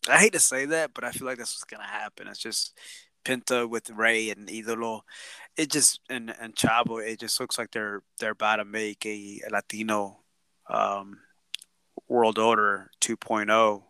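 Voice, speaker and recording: Man, casual chat, bright tense tone, rambling, laughs a lot, dry close sound. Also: lowish voice, steady tone, moderate pace, clear, resonant tone, dry recording. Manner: laid-back, rambling, laughs often, swears.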